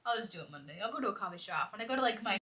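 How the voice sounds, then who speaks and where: A woman's voice: medium pitch, lively intonation, rapid-fire, bright, forceful tone. A young woman hosting a casual chat, rambling animatedly and saying "like" constantly. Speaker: host.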